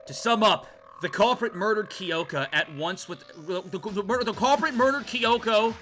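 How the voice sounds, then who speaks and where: A young man streaming a game, excitably ranting and swearing at the characters as he plays. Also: high voice, moderate pace. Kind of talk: live game playthrough commentary.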